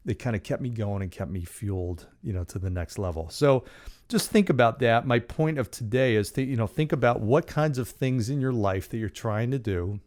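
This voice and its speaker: A man's voice: medium pitch, moderate pace, darkish tone. A man hosting a podcast, talking through ideas in a casual, conversational way with frequent fillers and asides. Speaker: podcast host. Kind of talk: casual motivational monologue.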